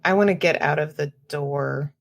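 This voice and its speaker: Casting: a female player in an audio tabletop game, deep voice with vocal fry, plain and direct. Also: normal speed.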